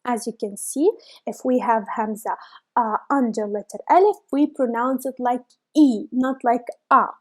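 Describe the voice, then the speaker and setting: A young woman teaching a beginner lesson, spelling sounds out letter by letter and repeating each word slowly. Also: a little high, darkish tone. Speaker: language teacher. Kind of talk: slow, careful lesson.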